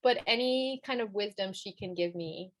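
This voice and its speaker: A woman's voice: mid-range voice, normal speed. Woman, 30s, podcast guest; earnest, sentimental, chatty. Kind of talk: casual interview chat.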